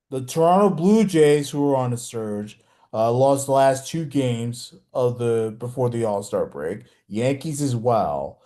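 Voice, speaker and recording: Mellow rambling sports podcast man. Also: a little high. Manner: rambling, hesitant, restarts and filler. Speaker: podcast host. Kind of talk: casual sports chat.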